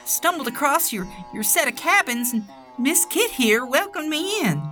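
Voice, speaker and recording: A woman's voice: high voice, animated, normal speed, sharp tone, faint music behind. A woman voicing a naive young small-town man who dreams of stardom, nervous and stammering. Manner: nervous, stammering, wide-eyed.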